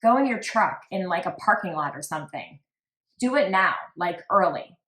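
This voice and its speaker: A woman's voice: lowish voice, moderate pace. A woman podcast host chatting casually and reading text messages aloud with lots of "like" asides. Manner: reads quotes flatly with frequent "like" asides. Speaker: true crime podcast host. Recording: roomy echo.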